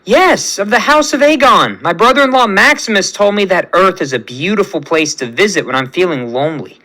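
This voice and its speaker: A man reading as a gentle, curious young princess from a fan story. He speaks softly and earnestly, in a bright voice that keeps moving up and down. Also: high voice, lively intonation, fairly quick, low-quality recording.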